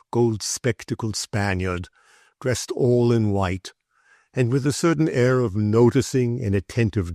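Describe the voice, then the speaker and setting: Low-voiced male audiobook narrator. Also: mellow, no room sound, studio quality. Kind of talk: scripted narration.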